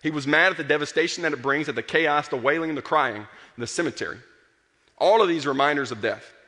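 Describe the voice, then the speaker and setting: A man preaching a sermon with earnest emphasis, rising to passion and dropping soft. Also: on the high side, fairly quick. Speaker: pastor. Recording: long hall reverb.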